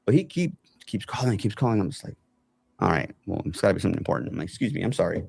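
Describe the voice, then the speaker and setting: A man's voice: sits low, rapid-fire, creaky, husky, no room sound. A man casually telling a long personal story, acting out what other people said along the way. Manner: animated retelling, acts out other people's lines. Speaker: guest telling his story.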